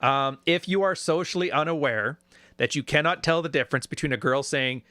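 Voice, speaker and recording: On a recording with no room sound, a man with a higher-leaning voice talks a little fast. As a YouTube commentator, he gives sarcastic, casual reactions to video clips, animated and quick to imitate people in mocking voices.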